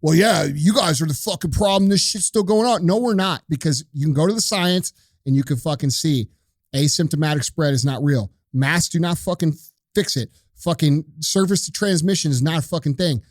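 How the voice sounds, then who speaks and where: Casting: male host, lecturing and profane, slightly high voice, dry mic. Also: normal speed, no echo. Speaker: podcast host. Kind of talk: opinionated rant.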